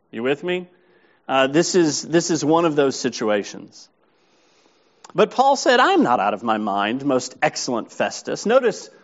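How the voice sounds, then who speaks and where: A man delivers a sermon in a slightly high voice, reading scripture and then breaking it down in plain talk with check-ins to the listeners. The recording sounds dull and lo-fi. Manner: expository, reads scripture then explains it conversationally. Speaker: pastor.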